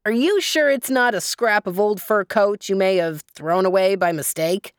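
A woman's voice: medium pitch, normal speed, no room sound, studio quality, close to an everyday voice. A woman voicing a skeptical male farmer neighbor who questions what he hears.

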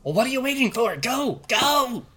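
A man's voice: very high-pitched, big pitch swings, normal speed, pushed and bright, slightly rough, pitched above the performer's own voice, exaggerated voice. A man putting on a bossy old witch. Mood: commanding. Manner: urgent, bossy orders. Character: crotchety old woman witch, commanding.

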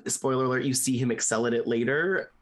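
A podcast co-host chatting casually and excitedly about a favorite book. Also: mid-range voice, quick pace. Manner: gushing and excitable. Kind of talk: casual book club chat.

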